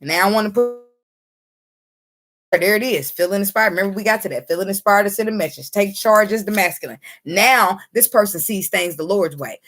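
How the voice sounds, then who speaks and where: Excitable, profane woman reading tarot. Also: mid-range voice, brisk, faint music behind. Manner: excitable, laughs often, swears freely. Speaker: tarot reader.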